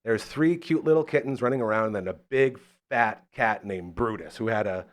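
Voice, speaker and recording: A man hosting a live local talk show, telling stories in a casual, animated way and acting out the voices in them. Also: lowish voice, normal speed. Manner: animated storyteller, acts out the voices in his stories. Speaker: radio show host.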